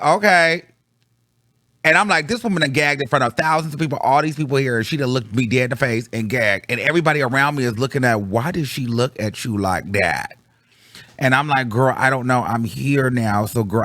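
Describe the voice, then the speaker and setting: A man telling a story to his viewers in slangy, casual chat, swinging from low mutters to high excited bursts. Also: dry recording. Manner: slangy, calls the audience girl. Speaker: vlogger reviewing a concert.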